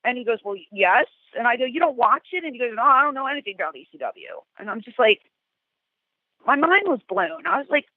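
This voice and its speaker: A middle-aged woman, a guest, telling animated stories and acting out the quotes. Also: a little high, a little fast, no echo. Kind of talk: storytelling interview. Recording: tinny phone-like call, dry.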